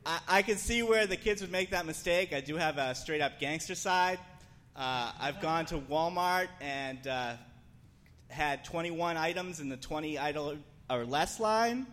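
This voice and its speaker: A young man performing a stand-up set with a deadpan delivery and hesitant fillers. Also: fairly high pitch, unhurried. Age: young adult. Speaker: stand-up comedian. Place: comedy club stage.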